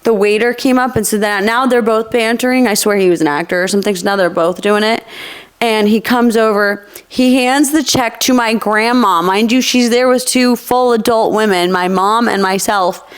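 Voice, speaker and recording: A woman's voice: a little high, moderate pace, clean tone. A young adult woman hosting a podcast, telling stories in a casual chat with lots of laughter. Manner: animated storytelling with frequent laughter. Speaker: podcast host.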